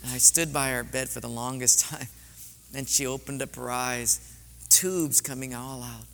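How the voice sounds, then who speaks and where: A man's voice: mid-range voice, steady tone, moderate pace, fairly bright tone. A man preaching a sermon in a church sanctuary, telling stories in an earnest, heartfelt way. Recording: long hall reverb.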